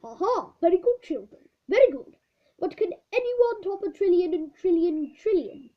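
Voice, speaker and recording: A woman voicing an old male maths teacher who lectures loudly and gets irritated easily. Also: lively intonation, moderate pace. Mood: amused. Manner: loud, lecturing, rising pitch. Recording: dull lo-fi recording.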